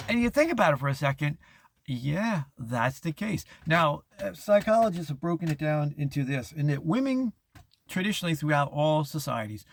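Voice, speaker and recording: A middle-aged man rambles through a casual monologue, restarting his sentences and chuckling as he puts on the voices he quotes. His voice sits a little high for a man, and the recording is dry with no room sound. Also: vocal fry, no echo. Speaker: host.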